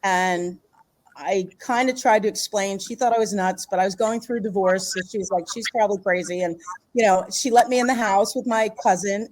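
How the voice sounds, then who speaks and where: A middle-aged woman from the Philadelphia area telling a personal story in a casual, animated way, laughing often and acting out what people said. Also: medium pitch, poor audio. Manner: animated, laughs often, acts out quoted voices. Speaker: podcast guest.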